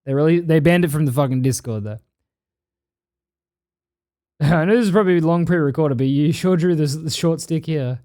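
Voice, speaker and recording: A man's voice: on the high side, moderate pace, pauses often, dark tone. A man with an Australian accent, streaming and chatting casually with his viewers as he reads their messages aloud, blunt and swearing freely. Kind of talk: casual chat reading live chat.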